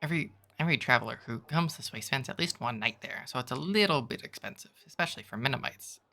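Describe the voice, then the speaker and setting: A man voicing a tiny, clingy male minimite creature with a high, chirping squeak. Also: expressive, quick pace, gravelly, pushed and bright. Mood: whiny.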